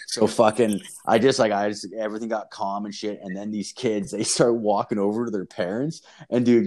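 A man's voice: on the low side, warm tone. A young man from Canada telling a rambling, profanity-filled story in casual chat, full of fillers.

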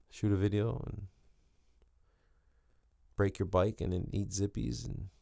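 A man's voice: sits low, vocal fry, a little mellow, no room sound, clean studio sound. A young man hosting a podcast, rambling and joking with lots of swearing, tired and giddy. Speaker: podcast host. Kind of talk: casual solo podcast chat.

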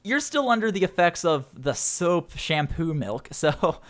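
Young guy gm, high voice, laughs a lot, super casual. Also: a little slow. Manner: laughs often, casual and animated. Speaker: game master. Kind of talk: narrating a tabletop game.

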